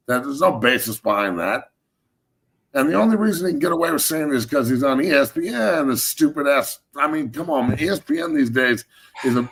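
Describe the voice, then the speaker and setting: Gravelly, fired-up male sports host. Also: mid-range voice. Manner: fired up, profane, swings loud and emphatic. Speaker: show host, former NFL lineman. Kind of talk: heated sports talk rant.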